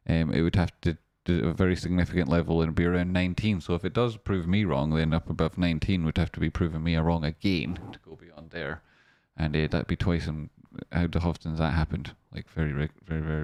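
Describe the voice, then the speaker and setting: A young man hosting a trading livestream in casual chat, who gets excited as he shouts out viewers by name. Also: sits low, no room sound. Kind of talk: casual live-stream chat.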